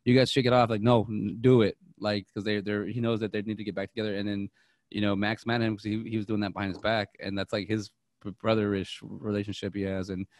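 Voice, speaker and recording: Rambling young man, low dry voice. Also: flat delivery, no room sound. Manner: rambling, halting, many restarts and fillers. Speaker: podcast co-host. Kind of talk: casual movie chat.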